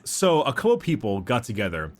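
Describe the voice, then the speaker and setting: A man talking casually on a podcast at a middling pitch. He rambles, laughs often and stumbles over names as he goes. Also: huge pitch swings, a little fast. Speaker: podcast co-host. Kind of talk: casual chat.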